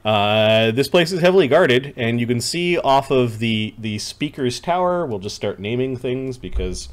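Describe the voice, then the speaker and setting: A man with a mid-range voice and lively intonation narrates a tabletop game as game master at normal speed. He rambles, with many fillers and restarts.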